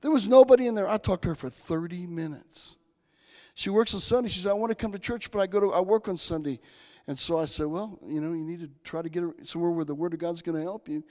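A man preaching a sermon, telling folksy personal stories and swinging between soft asides and loud bursts. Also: fairly high pitch, steady tone, fast. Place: church sanctuary. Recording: long hall reverb.

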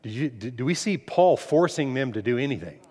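A man preaching a sermon as pastor, emphatic, climbing to loud peaks and then dropping low. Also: lively intonation, fairly quick, slightly rough, big-room sound.

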